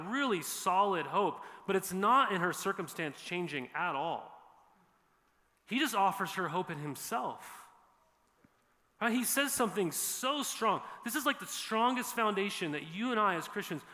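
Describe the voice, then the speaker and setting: A man's voice: sits high, sharp tone. A man preaching a sermon in an earnest, conversational way, repeating key phrases for emphasis. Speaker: pastor. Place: church sanctuary. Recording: long church hall reverb.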